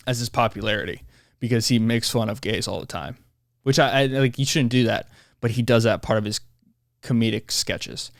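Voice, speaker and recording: A man hosting his own podcast, talking in a rambling, animated monologue that keeps interrupting itself. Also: mid-range voice, gravelly, no echo, studio quality. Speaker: podcast host. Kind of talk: casual solo podcast monologue.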